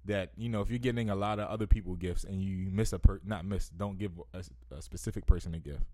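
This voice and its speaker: A man's voice: deep voice, steady tone, fast, dark tone. A man ranting animatedly in casual podcast chat, self-interrupting and saying "yo" constantly.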